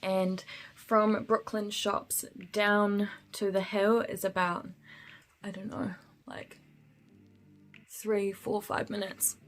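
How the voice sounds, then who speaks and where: A woman's voice: medium pitch, flat delivery, slow, long pauses, soft background music. A woman telling a spooky story in casual chat while doing her makeup, laughing often and using lots of fillers. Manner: chatty, laughs often, full of fillers and slang. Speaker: beauty vlogger.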